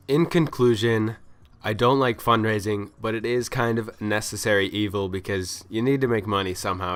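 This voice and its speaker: Man, lowish voice, casual rant, exasperated, complaining, quick acted-out quotes. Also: fairly bright tone, smooth. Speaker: vlogger.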